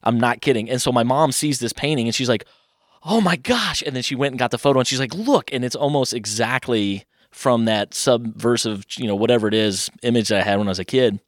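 Fast-talking man telling stories. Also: mid-range voice, dry recording, clean studio sound. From Louisville, Kentucky. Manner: chatty, rambling, animated voices for quoted people. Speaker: podcast guest, artist. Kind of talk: casual interview storytelling.

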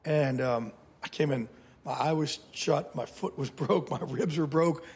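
A man in his fifties, a podcast guest telling stories in a blunt, animated way, often swearing. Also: a little high, measured pace, gravelly, husky. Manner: blunt, profane, animated storyteller. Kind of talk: casual interview storytelling.

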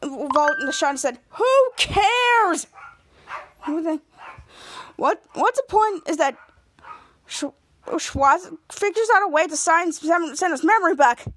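A woman's voice: sits high, expressive, moderate pace, a bit bright. A woman podcast host giving a casual, rambling recap of a TV episode, often restarting her sentences. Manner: rambling, restarts with many cuts.

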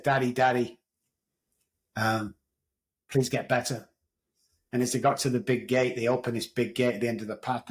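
On a low-quality recording, a middle-aged man from England speaks in a mid-range, slightly bright voice. He is a podcast guest in a storytelling interview, sharing his story in a raw, candid way and cursing without restraint.

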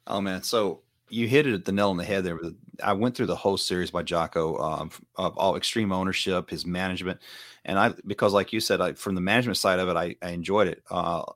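A man's voice: sits low, fairly even intonation, fast, a bit bright, dry recording, clean studio sound. A middle-aged man from the Southern United States, a martial arts instructor, talking in an earnest, rambling way in a casual podcast chat. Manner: rambling, earnest, self-correcting.

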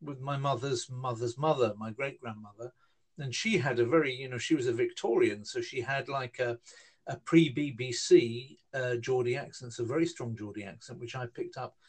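A man's voice: medium pitch, moderate pace. Middle-aged guy, rambly and hesitant, lots of ums, chatting in an interview. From Newcastle, northern England. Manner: rambling, hesitant, with many fillers and restarts. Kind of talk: casual storytelling conversation.

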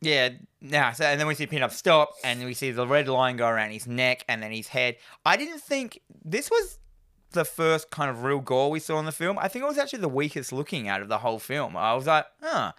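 A man's voice: mid-range voice, sing-song, fairly quick, pushed and bright, smooth. A man co-hosting a film podcast, retelling movie scenes in casual chat and acting out the characters.

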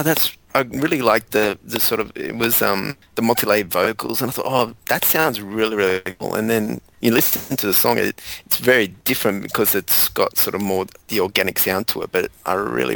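Low, gravelly man, dry and close. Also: no room sound. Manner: rambling, relaxed, many restarts. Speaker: podcast co-host. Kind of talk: casual music discussion.

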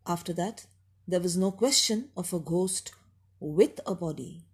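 A woman narrating a story in a measured, unhurried way. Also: on the low side, slightly rough.

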